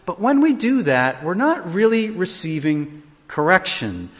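A man preaching a sermon, expressive, acting out quoted lines with big swings in his voice. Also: high-pitched, unhurried, big-room sound. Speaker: pastor.

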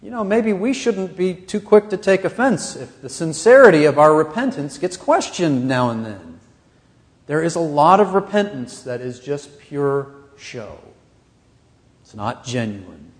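A man's voice: a little high, expressive, unhurried, big-room sound. A man preaching a sermon as pastor of a church, earnest and pressing his points with rising emphasis.

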